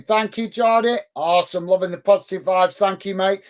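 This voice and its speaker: Guy, pretty high voice, running a footy watch-along, calls the match and chats to viewers, upbeat. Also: moderate pace, hardly any pauses. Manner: upbeat, thanks chat viewers warmly by name. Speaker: host of a football watch-along. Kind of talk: live match commentary and chat reading. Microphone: close mic on a headset.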